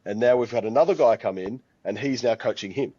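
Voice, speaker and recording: A man's voice: mid-range voice, fast, warm tone, dry recording, lo-fi sound. A man who owns a gym, talking in a casual podcast chat and telling stories in a confident, matter-of-fact way. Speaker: gym owner, co-host. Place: his gym.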